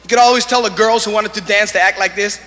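A man's voice: high-pitched, steady tone, fast, bright, forceful tone. A male standup comedian with a Hawaiian Pidgin accent, chatty and always checking in with the audience. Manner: chatty, keeps asking the audience "you know?". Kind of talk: standup routine. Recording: live stage recording with reverb and noise.

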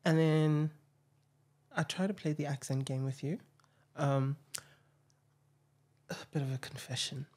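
A young man, hosting an interview in a hesitant, reflective way, with frequent pauses and fillers. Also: a little high, steady tone, a little mellow. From South Africa. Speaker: podcast host. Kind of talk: casual interview chat.

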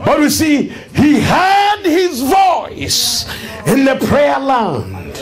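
High-pitched shouting male preacher. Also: sing-song, extremely slow, soft background music. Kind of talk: sermon. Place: church with congregation. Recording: congregation responding behind.

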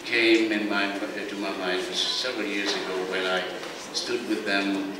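A man giving an opening speech as curator, halting and searching for words, in a large ceremonial house. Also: fairly low pitch, level tone, noisy background. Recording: echoey hall from far off.

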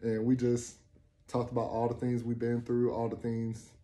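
A man in his twenties casually telling a personal story to the camera, acting out quoted dialogue with rising excitement. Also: mid-range voice, moderate pace. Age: 20s. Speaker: vlogger.

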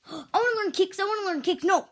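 A woman's voice: medium pitch, big pitch swings, a little slow, slightly rough. A woman voicing an eager, impatient female toy karate student who asks whiny questions.

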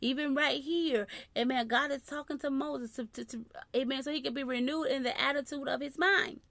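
Gravelly preaching woman, murmuring praises. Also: sits high, steady tone, a little fast, dry recording. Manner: constantly interjects praise phrases, drops to soft murmurs. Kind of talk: sermon.

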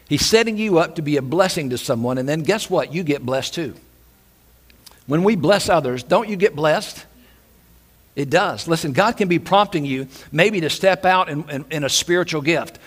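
A man preaching a Sunday sermon, his voice sitting a little high for a man. He repeats key phrases and bursts into acted shouts when he quotes. It sounds like a live church service. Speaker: pastor. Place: church sanctuary.

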